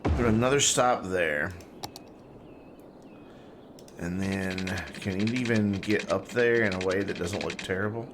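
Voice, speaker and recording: A man's voice: low-pitched, unhurried, long pauses, background noise. A man giving casual, chatty live-stream commentary while playing a game, talking to himself and to his chat. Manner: talking with mouth full.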